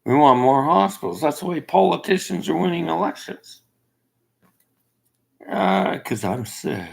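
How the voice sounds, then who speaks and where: A man from Canada giving a rambling, opinionated monologue, swinging from loud outbursts to near-whispers. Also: a little high, animated, a little slow, creaky, slightly rough. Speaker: self-made video commentator. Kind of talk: casual monologue.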